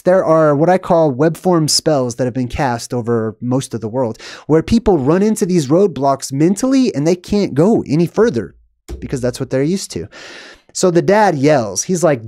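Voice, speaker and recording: Male host, fairly high mellow voice, rambling and emphatic, dry close recording. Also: no room sound. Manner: rambling, emphatic, laughs at his own points. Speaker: video host. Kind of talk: casual monologue.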